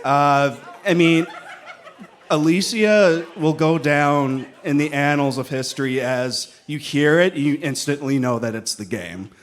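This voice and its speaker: A man giving a rebuttal at a mock courtroom panel, unhurried, pausing on fillers and chuckling. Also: a little high. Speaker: opposing lawyer on a comedy panel. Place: convention panel room before a live audience.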